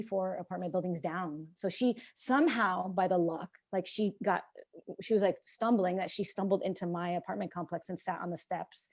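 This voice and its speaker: A young woman guest on a podcast, telling a story in casual conversation, animated and acting out the voices of people she quotes, with lots of fillers. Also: fairly low pitch.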